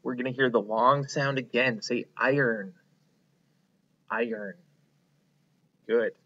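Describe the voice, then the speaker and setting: A man teaching a phonics lesson to young children, slowly prompting them to repeat words and praising them. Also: mid-range voice, steady tone, sharp tone, muffled recording. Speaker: kindergarten teacher.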